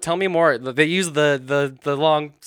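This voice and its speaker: A man's voice: a little high, a little slow, a bit bright, clear, resonant tone, dry recording. A man hosting a comedic, profane recap of a TV show, laughing often. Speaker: host.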